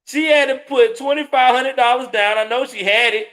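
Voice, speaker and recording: Host, male, high-pitched, profane and scornful ranting with sudden loud spikes. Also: moderate pace. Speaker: commentary show host. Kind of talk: heated live reaction commentary.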